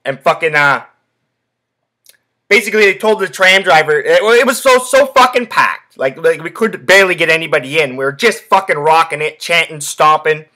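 A young man hosts a casual sports podcast, telling loose, rambling stories packed with profanity and filler words. His animated voice is bright, forceful, and a little high for a man, at normal speed.

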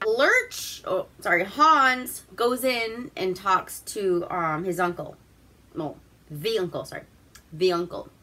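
A slow, unhurried woman from Alaska recaps an old film in loose, profane asides. Her voice sits low yet sounds bright and forward. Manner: profane, rambling and laughing. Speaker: host. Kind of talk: casual movie recap.

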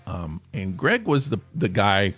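A man hosting a podcast, telling a funny story in an animated, self-deprecating way and laughing mid-sentence. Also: low-pitched, measured pace, faint music behind. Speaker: podcast host. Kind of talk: comic storytelling.

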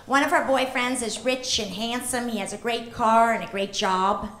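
A woman doing stand-up comedy on a club stage, chatty and punchy, with a funny high voice. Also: fairly even intonation, moderate pace, a bit bright. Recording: echoey club with crowd laughter.

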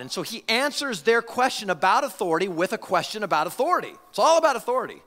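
A man preaching a conversational sermon as pastor, animated, with frequent restarts and repeated words. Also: high-pitched, quick pace, hardly any pauses. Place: church sanctuary. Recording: reverberant church hall.

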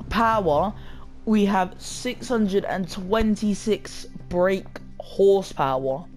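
A young man giving casual, rambling gameplay commentary from his chair at home, full of slang and asides to his viewers. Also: high voice. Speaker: gaming video creator. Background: loud game music.

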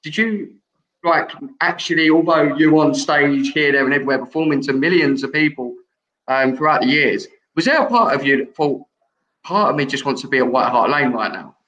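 A young man hosts, putting questions to his guest in a measured, friendly way. His voice sits slightly high and the room around him rings with echo. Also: bright, forceful tone, lo-fi sound. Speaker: host. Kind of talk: interview questions.

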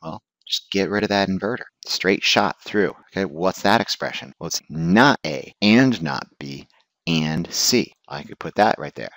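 Deep-voiced joking male instructor. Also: unhurried, a bit bright, no room sound. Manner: blunt, joking teacher who asks questions and answers them. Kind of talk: recorded lecture.

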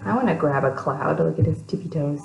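A woman's voice: sits low, a little fast, creaky, reverberant, music in the background, low-quality recording. Woman reading a picture book aloud. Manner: chatty asides to young listeners. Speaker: aunt reading to children.

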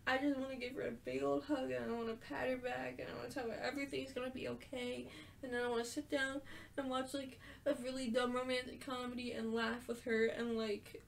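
A woman's voice: high-pitched, level tone, a little fast, gravelly, a little hiss or hum. A woman giving casual, emotional let's-play commentary on a story game. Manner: emotional, gushing, talks openly about being moved. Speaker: gaming video creator.

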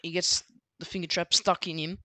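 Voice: mid-range voice, flat delivery, moderate pace, sharp tone. A book reviewer casually recapping a story, rambling with many fillers and restarts.

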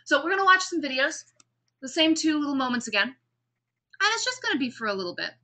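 A woman giving a classroom lecture on public speaking, explaining vocal variety and demonstrating pace and pauses as she talks. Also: high-pitched, big pitch swings, bright, forceful tone.

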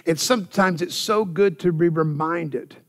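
A male pastor delivers an animated church sermon, repeating words and punctuating his points with "amen". His voice sits a little high and has a gravelly edge. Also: a little slow.

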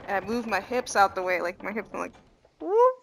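A woman casually commenting on a game she plays, chatty and animated with lots of slang. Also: medium pitch, fast, gravelly, a little hiss or hum. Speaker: gaming streamer. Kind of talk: casual let's-play commentary.

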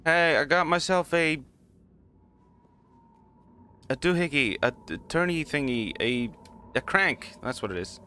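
A man's voice: on the high side, animated, a little slow, long pauses, pushed and bright, clean tone. A man casually commenting on a game as he plays, rambling and chuckling at himself. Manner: rambling, self-mocking, laughs often. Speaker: gaming channel host. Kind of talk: casual let's play commentary.

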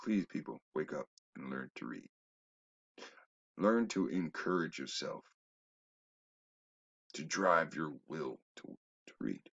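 A man talking in a rambling, casual monologue that drops to low mutters and jumps to loud exclamations. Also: expressive, slow, pauses often, slightly rough, dull audio. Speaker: video commentator.

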